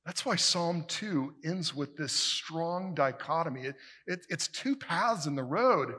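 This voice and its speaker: A male pastor preaching a sermon emphatically, building to forceful peaks and dropping to hushed line endings. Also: a little high, animated, unhurried, husky. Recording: long reverb of a large hall.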